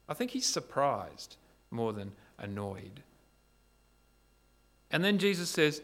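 A man preaching a sermon, retelling a story in an animated way and asking rhetorical questions. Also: a little high, unhurried, pauses often. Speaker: pastor.

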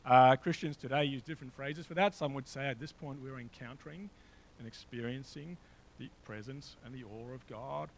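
A man's voice: mid-range voice, moderate pace, gravelly, slight background noise, poor audio. A man preaching a sermon in a conversational way, with frequent fillers and asides. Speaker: pastor. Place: church hall with a slideshow.

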